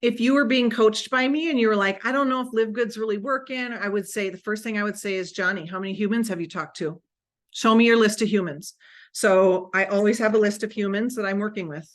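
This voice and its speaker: Lively woman business coach acting out dialogue. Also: mid-range voice, brisk. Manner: energetic, acts out sample dialogue. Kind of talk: live online coaching call. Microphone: video call.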